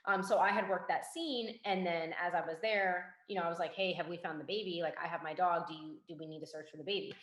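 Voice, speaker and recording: A young woman, a forensic investigator, telling a story in a casual interview and acting out the quoted dialogue in a lively way. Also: fairly low pitch, fast talker, hardly any pauses. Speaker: guest, forensic investigator and K9 handler. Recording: roomy echo.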